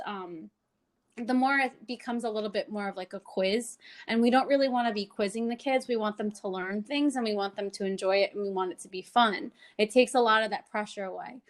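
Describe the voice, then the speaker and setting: A woman speech-language pathologist explaining tips in an interview, animated and clear, slipping into playful child-talk examples. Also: a little high.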